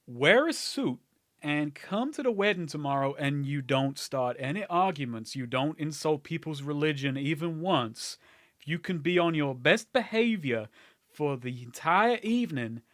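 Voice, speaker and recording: An old nobleman with creaking bones, measured and coaxing as he lays out his terms, a man doing the voice at the game table. He spells out conditions slowly and deliberately, in a slightly raised voice for a man. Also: fairly high pitch, lively intonation, fairly bright tone, dry recording, studio quality. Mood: bargaining. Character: old creaky-boned male noble patron.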